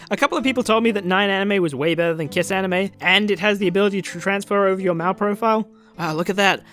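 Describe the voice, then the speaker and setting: A man's voice: sits high, a bit bright. A man giving a heated, sarcastic rebuttal in video commentary, swearing and arguing point by point. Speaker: video essayist responding to a critic. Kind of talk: argumentative commentary.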